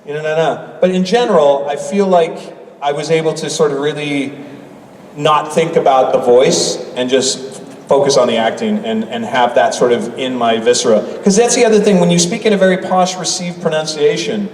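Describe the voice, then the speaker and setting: A man's voice: a little high, moderate pace, a little hiss or hum. A middle-aged man from Canada, an actor answering questions on a convention panel, playful and thoughtful. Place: large convention hall. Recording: echoey hall, from a distance.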